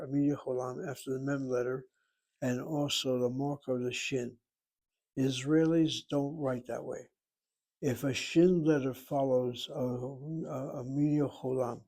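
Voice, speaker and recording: A man's voice: mid-range voice, a little mellow. A man teaching a Hebrew class, lecturing in a precise, explanatory way with digressions.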